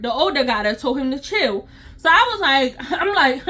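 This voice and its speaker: Sassy, high-voiced woman storyteller. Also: lively intonation, normal speed, bright, forceful tone. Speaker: CPR instructor. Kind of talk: storytime vlog.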